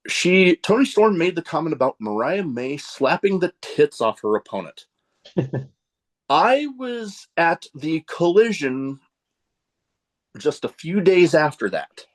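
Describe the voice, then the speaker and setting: Animated man hosting a podcast. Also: on the high side, slow pace. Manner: animated storyteller, laughs at his own jokes. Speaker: podcast host. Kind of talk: casual podcast chat.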